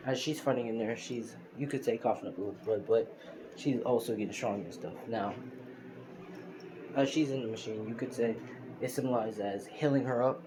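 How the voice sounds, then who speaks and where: A man casually retelling a fan-made story, rambling with lots of fillers and restarts. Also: on the low side. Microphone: phone screen recorder. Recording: noisy phone recording.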